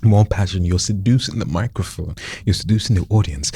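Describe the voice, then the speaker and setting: A man coaching a friend in voice acting, demonstrating lines with lively swoops of pitch. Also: brisk, husky. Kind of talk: casual coaching session.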